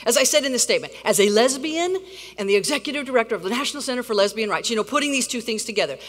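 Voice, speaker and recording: A woman's voice: a little high, a bit bright. A middle-aged woman giving a rousing, blunt conference keynote, swearing for emphasis. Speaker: keynote speaker, activist. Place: large conference hall. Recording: reverberant hall.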